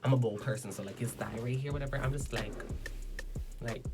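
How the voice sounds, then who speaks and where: A man's voice: medium pitch, a little fast. A young man casually telling a personal story as a vlogger, chatty, blunt and playful, full of filler words. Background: background music.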